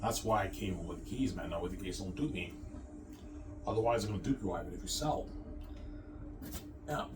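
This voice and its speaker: A man rants quickly in a low voice, circling back to the same complaints. He sounds far from the mic, with steady noise underneath. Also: music in the background. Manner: ranting, repetitive, fast. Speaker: vlogger. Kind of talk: rambling monologue.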